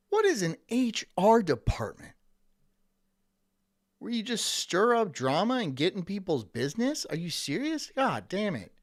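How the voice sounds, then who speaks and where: A man's voice: high voice, very animated, unhurried. A man ranting sarcastically on a live stream, swearing often and slipping into mocking voices.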